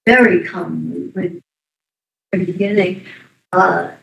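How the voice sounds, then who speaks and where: A woman giving expert testimony in a courtroom under cross-examination, halting and often trailing off mid-sentence. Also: fairly low pitch, steady tone, creaky, a bit bright. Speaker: expert witness. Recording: roomy, distant courtroom audio.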